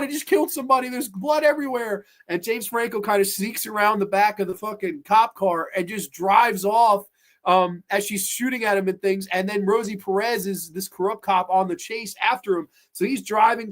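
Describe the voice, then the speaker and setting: A man hosting a podcast, retelling comedy scenes in an animated, profane, casual way. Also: high-pitched, normal speed. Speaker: podcast host. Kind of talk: casual movie chat.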